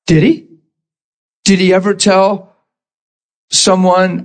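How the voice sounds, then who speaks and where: Guy preaching a sermon, kinda high voice, gets all emotional and acts out bible scenes. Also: normal speed. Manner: emotional, acts out scripture scenes, laughs often.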